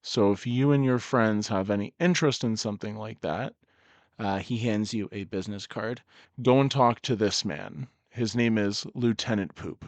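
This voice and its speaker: A man voicing an earnest male orc police officer who speaks in a steady, businesslike way. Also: fairly low pitch, moderate pace, no room sound, lightly acted. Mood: confiding.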